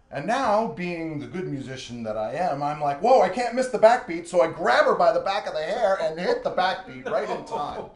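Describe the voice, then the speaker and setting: A man, a drummer guest, telling a wild anecdote in a laughing, animated way. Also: high voice. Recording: echoey room, faint noise.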